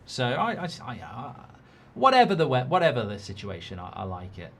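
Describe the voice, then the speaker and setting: A man's voice: mid-range voice, wildly swooping pitch, fairly quick. A middle-aged man from England hosting a live football watchalong. He is blunt and opinionated, swears casually and reads out viewer comments.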